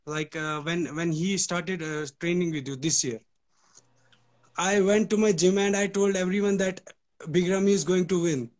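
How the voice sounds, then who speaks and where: A man's voice: high-pitched, steady tone, moderate pace. A man from Kashmir with an Indian accent, calling in to a live show, polite and eager, with many hesitations. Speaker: caller.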